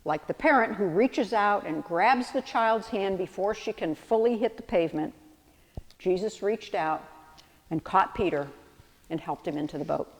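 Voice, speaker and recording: A woman's voice: medium pitch, lively intonation, moderate pace, big-room sound. A woman pastor delivering a sermon, reflective and storytelling with vivid analogies.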